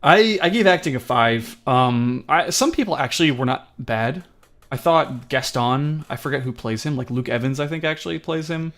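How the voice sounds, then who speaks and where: A young man co-hosts a casual movie review podcast. He rambles and laughs, slipping into quick voices. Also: mid-range voice. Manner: rambling, laughing, animated impressions. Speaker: podcast co-host.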